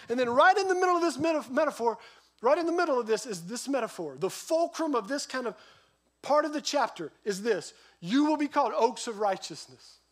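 Pastor, man in his forties, fairly high voice, animated storytelling sermon. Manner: lively storytelling, voice rising and dropping sharply.

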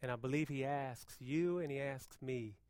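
A man preaching a sermon as pastor, moving between hushed, intense passages and loud, fervent appeals. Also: mid-range voice, normal speed, no room sound.

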